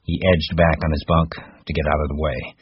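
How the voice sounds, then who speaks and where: Man, deep voice, husky, measured narration, dry, dull lo-fi audio. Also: little pitch movement, no echo. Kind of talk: scripted narration.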